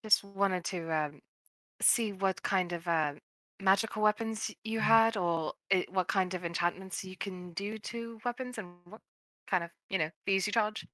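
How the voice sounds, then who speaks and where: Hesitant woman player, bright voice. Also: medium pitch, fairly even intonation, a little slow, no echo. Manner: hesitant, many ums. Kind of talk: tabletop role-play in character.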